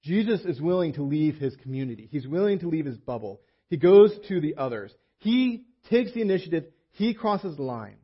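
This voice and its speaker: Husky guy preaching, chatty sermon, muffled lo-fi audio. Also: on the high side, big pitch swings, normal speed, few pauses. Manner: conversational, acts out quoted voices. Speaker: pastor.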